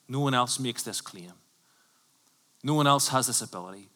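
A man preaching a sermon as a pastor, conversational and emphatic, swinging from loud bursts to hushed lines. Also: medium pitch, a little fast, long pauses, long reverb tail. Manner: emphatic, conversational preaching with sudden bursts and drops to near whisper. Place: church.

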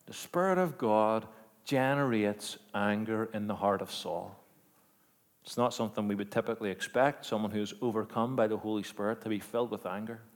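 A man preaching a sermon, moving between quiet, measured storytelling and loud, emphatic declarations with rhetorical questions. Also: on the low side. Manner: dynamic, swings from hushed to emphatic, rhetorical questions.

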